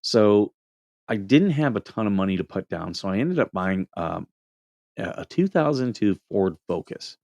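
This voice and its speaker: A man's voice: fairly low pitch, sing-song, moderate pace, gravelly, darkish tone, no room sound, muffled recording. A middle-aged man, a Marine veteran, hosting a casual livestream, reading comments and telling joking stories. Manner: joking storyteller, laughs at own anecdotes.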